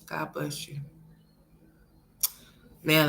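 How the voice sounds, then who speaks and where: A woman hosting a casual livestream, talking to her chat and calling viewers honey and sweetheart, by turns loud and animated, then soft. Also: sits low, unhurried, creaky, long pauses, noisy background. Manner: chatty and emphatic, calls viewers honey and sweetheart; swings between loud animated bursts and soft murmurs. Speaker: livestream commentary host.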